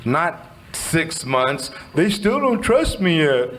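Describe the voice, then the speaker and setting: A middle-aged man from Southern California, sharing his recovery story in a candid, animated way and swearing casually. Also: on the high side, slow pace, a little hiss or hum, low-quality recording. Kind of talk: personal storytelling speech.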